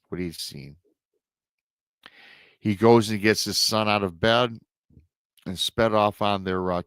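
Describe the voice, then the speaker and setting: A show host retells a listener's emailed story dramatically, adding emotional asides. His voice is on the low side and a bit bright, captured with clean studio sound and no echo.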